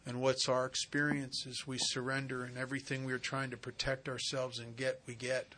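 A man giving a spiritual recovery talk, telling stories and acting out the dialogue in an animated way. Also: mid-range voice, moderate pace, background noise.

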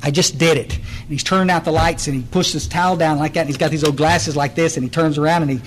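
A man's voice: a little high, steady tone, fast talker, slight background noise, low-quality recording. Earnest man telling his story. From Texas Hill Country. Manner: earnest, blunt, emphatic, restarts and repeats words. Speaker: recovery meeting speaker. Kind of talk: personal testimony talk.

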